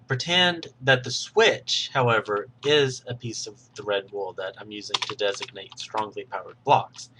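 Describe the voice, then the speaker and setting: Bright-voiced man explaining a game tutorial. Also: medium pitch, a little hiss or hum. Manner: patient, explanatory, self-correcting. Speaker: tutorial host. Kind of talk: screen-recorded game tutorial narration.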